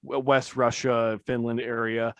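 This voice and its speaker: A man's voice: medium pitch, flat delivery, measured pace, clear, resonant tone, no echo. Male podcast guest, mid-range voice, dry close sound, loose rambling delivery. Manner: rambling, filler-heavy, self-deprecating. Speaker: tattoo artist guest. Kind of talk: casual podcast conversation.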